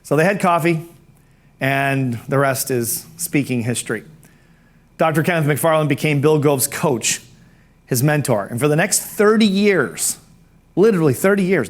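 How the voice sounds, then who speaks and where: A middle-aged man with a slightly high voice teaches a speaking course, sharing anecdotes conversationally. He often repeats words and restarts his phrases.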